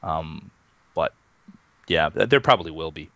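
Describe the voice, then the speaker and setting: A man's voice: rumbling low, a little slow, no room sound. A man in his thirties, a guest on an interview show, chatting casually with lots of fillers and little chuckles. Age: 30s. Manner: relaxed, chuckling, many fillers and restarts. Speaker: interview guest, Minecraft YouTuber. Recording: dull, muffled lo-fi online call.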